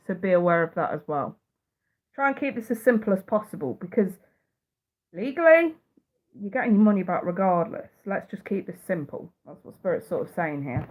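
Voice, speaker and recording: A British woman in her thirties, a psychic reader chatting casually on a live stream, blunt and profane and often laughing. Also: mid-range voice. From United Kingdom. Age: 30s. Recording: tinny phone-like audio.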